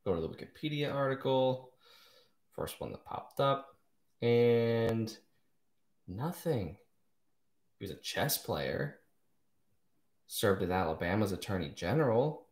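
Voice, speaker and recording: A man's voice: mid-range voice, sing-song, takes it slowly, long pauses, darkish tone. A man hosting a live poetry show, chatting casually with wry asides and self-corrections. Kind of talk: casual live-stream reading and chat. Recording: echoey room.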